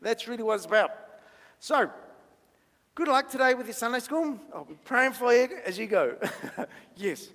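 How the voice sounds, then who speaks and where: A man's voice: extremely high pitch, lively intonation, moderate pace, vocal fry, long pauses, a bit bright. A man leading a playful children's talk in church, chatty and jokey, quizzing the audience as he draws. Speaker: minister giving a children's talk. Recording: long church-hall reverb.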